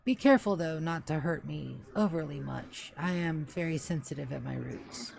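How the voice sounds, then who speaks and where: Woman voicing a slow, stately ancient tree spirit. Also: deep voice, lively intonation, vocal fry, a little mellow, pitched below the performer's own voice, full character voice. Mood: cautioning. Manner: slow, deliberate, formal. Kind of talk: tabletop game role-play.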